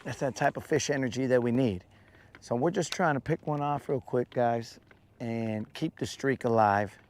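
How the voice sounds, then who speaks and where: A man's voice: mid-range voice, normal speed, a little mellow. A man hosting a fishing livestream outdoors on a lake, joking in slang and greeting viewers by name. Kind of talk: casual live-stream chat.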